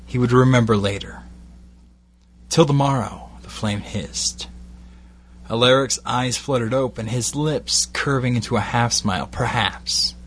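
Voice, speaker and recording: A man reading an erotic bedtime story as slow, deliberate scripted narration. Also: mid-range voice, steady tone, a little hiss or hum.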